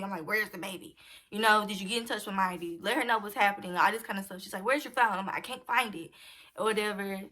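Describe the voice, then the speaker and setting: Bright-voiced young woman telling a story. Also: medium pitch. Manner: animated, acts out quoted dialogue. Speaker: vlogger telling a personal story. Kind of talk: casual storytime chat.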